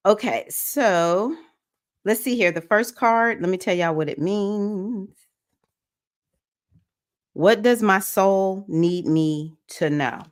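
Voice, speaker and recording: Animated woman in her fifties. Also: slow, pauses often. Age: 50s. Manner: animated, greets viewers, sudden high whoops. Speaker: spiritual circle host. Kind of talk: livestream chat with viewers.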